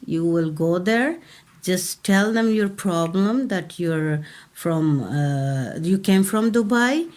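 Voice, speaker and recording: A woman from Pakistan tells her own story in an interview, talking plainly and haltingly, with frequent restarts. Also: on the low side, a little mellow. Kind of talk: personal story told in an interview.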